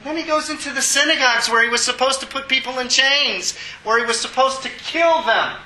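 A man's voice: extremely high pitch, brisk, pushed and bright, echoey room, rough recording. A man preaching a sermon, reading scripture aloud and breaking off to explain it in an emphatic, exclaiming way. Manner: emphatic, exclaiming, chuckles at asides. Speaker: pastor.

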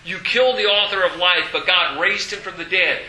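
Bright-voiced animated man preaching. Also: sits high, normal speed, roomy sound, rough recording. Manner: animated, breaks into shouts and acted quotes. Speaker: pastor. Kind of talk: sermon.

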